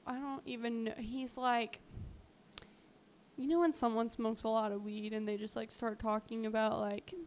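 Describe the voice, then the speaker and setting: On the high side with fairly even intonation and a darkish tone, a woman co-hosting a podcast recounts a true-crime story at a moderate pace. Her telling is chatty and filler-heavy, with slight background noise.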